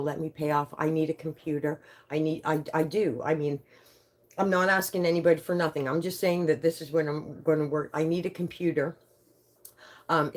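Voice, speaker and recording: A woman in her fifties hosting a livestream, chatting with viewers in an animated way, swearing freely and reading out their comments. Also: sits low. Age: 50s. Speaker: livestream host. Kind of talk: casual livestream chat with viewers.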